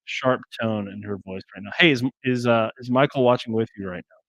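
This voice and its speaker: A man's voice: mid-range voice, brisk, a bit bright, no room sound, dull audio. Rambling, joking man co-hosting a live stream. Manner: rambling, stumbles and restarts, joking. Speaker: co-host of a travel tips show. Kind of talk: casual live-stream chat.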